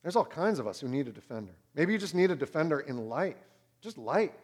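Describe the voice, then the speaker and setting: A pastor in his thirties preaching a sermon, swinging between loud and hushed. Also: a little high, big pitch swings, brisk.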